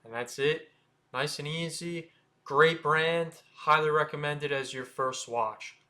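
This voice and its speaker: An American man hosting a watch channel, casually explaining how to say brand names, sounding them out slowly with offhand asides. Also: a little high, pushed and bright. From United States. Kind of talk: casual explainer talking to camera.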